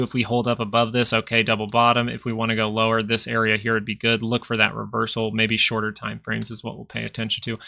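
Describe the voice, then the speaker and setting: A man's voice: medium pitch, vocal fry, sharp tone. A man hosting a live stock market stream, talking casually and rambling as he thinks aloud over charts. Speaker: stock market livestream host.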